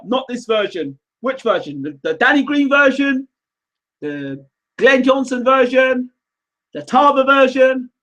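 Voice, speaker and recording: High, bright-voiced man hosting. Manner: animated, teasing, rambling. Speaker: live show host reading viewer comments. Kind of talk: casual livestream chat.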